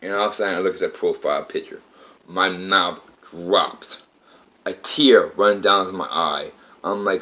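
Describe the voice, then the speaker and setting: A man's voice: deep voice, steady tone, normal speed, pushed and bright, rough recording. A man telling a personal life story to camera in a rambling, emotional way, with frequent restarts.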